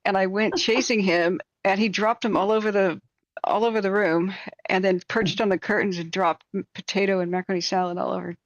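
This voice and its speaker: A woman's voice: medium pitch, steady tone, a little fast, dry recording, lo-fi sound. A woman hosting a live stream, chatting casually and telling rambling anecdotes with plenty of fillers. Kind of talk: casual chat and storytelling.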